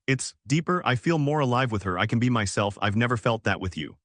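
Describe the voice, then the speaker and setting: A man's voice: mid-range voice, lively intonation, fairly quick, fairly bright tone, no echo. A man voicing a guilt-ridden husband who speaks in a hesitant, subdued way. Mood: confessing.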